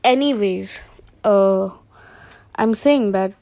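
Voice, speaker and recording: A woman's voice: medium pitch, slow pace, dark tone. A young woman who hosts a casual, rambling comedic podcast monologue and laughs at her own jokes.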